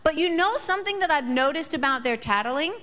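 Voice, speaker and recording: A woman in her thirties delivers a sermon, her voice a little higher than most. She builds passionate repeated phrases, then slips into relaxed storytelling. The sound carries a long hall reverb. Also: a little fast. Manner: emphatic repetition, rising passion. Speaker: pastor. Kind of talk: sermon with personal stories.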